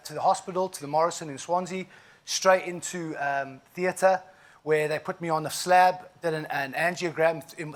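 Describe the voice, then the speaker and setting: South African man telling his story on stage. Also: a little high. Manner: vivid, emphatic storytelling with frequent asides. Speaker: keynote speaker. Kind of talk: inspirational keynote storytelling.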